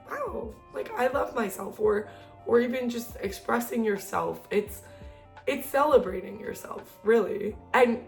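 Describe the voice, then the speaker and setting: A young woman talking casually and earnestly to the camera about self-care, chatty and full of fillers. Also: mid-range voice. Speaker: self-help video creator.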